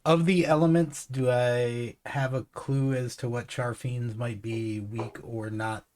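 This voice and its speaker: A man playing a tabletop game at an ordinary pitch, speaking in a measured way. He thinks through his options and asks about the rules. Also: fairly even intonation, darkish tone. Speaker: player. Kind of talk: casual tabletop game talk.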